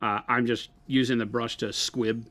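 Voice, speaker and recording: A man co-hosting a live painting stream, trading teasing banter and then giving relaxed, step-by-step explanations with plenty of fillers. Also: mid-range voice, moderate pace.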